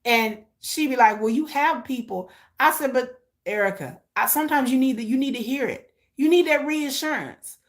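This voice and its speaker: A woman's voice: sits high, animated, normal speed, a bit bright. A middle-aged woman casually telling a personal story, blunt and emotional, swearing freely and acting out what others said. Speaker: live watch-along streamer.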